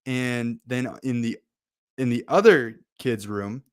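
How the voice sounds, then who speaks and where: A laid-back man hosts a casual motivational talk, chatty and loose and full of fillers. His voice is smooth and clear, and it sounds dry and close. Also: medium pitch, slow pace, no echo. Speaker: host.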